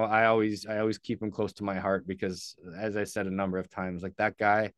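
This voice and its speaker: Earnest low-voiced man telling a story. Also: smooth, dry recording, clean studio sound. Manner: earnest, loose, with casual swearing. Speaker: podcast guest. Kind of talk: candid storytelling in an interview.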